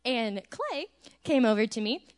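A woman telling her story in church with lively, energetic animation. Her voice sits a little higher than most. She speaks as a teacher sharing a personal testimony. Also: measured pace. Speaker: teacher and church pianist giving a mission trip testimony.

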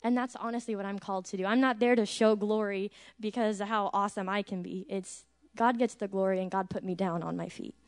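A woman, a teacher, telling an energetic and animated church testimony about a mission trip. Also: medium pitch, a little fast, few pauses.

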